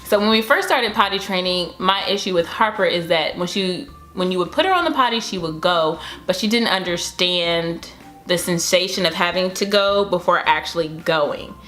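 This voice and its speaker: A woman's voice: fairly low pitch, normal speed, fairly bright tone, faint music behind. A young woman talking casually about raising her toddler in a home vlog, chatty and upbeat, with cheering bursts. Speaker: mom vlogger.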